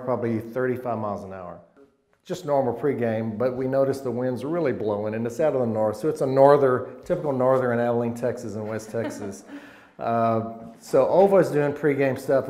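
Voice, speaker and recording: A man in his sixties looks back on his college football days in a loose, rambling way, often restarting mid-sentence and getting animated at the highlights. His voice sits at an ordinary middle pitch and carries a noticeable roomy echo. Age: 60s. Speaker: former college football player, alum guest. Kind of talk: casual interview, reminiscing.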